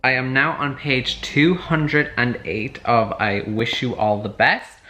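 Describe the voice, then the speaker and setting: A man chatting excitedly at home for a book vlog, gushing about his reading. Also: mid-range voice, slow, loud music behind the voice. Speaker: book vlogger. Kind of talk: casual vlog chat. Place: at home, moving between rooms.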